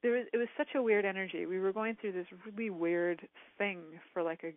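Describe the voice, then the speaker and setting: A woman's voice: mid-range voice, fairly quick, no room sound. A woman host telling a personal story frankly, rambling with lots of "like" and "um". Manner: frank, rambling, heavy use of "like" and "um". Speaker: talk show host. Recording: tinny phone-line sound, dry.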